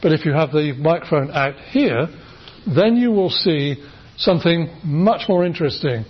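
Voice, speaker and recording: Husky-voiced man giving an enthusiastic lecture. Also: a little high, lively intonation, moderate pace. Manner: enthusiastic, chatty, with frequent restarts. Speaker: university lecturer. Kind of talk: live classroom lecture with demonstrations. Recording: dull, lo-fi lecture recording.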